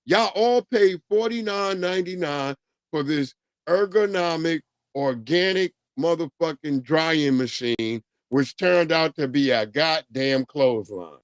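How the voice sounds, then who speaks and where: A middle-aged New man hosts his livestream in a loose, profane rant, swinging into laughs as he tells his stories. His voice sits a little higher than most men's. The sound is close and dry, with no room around it. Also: unhurried, clean tone, dry recording. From New York. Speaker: livestream host.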